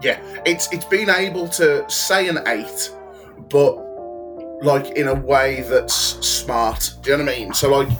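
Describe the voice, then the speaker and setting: A man's voice: medium pitch, a little slow, music in the background. A man, a wrestler and promoter, talking in a casual podcast chat, full of "like" and "do you know what I mean".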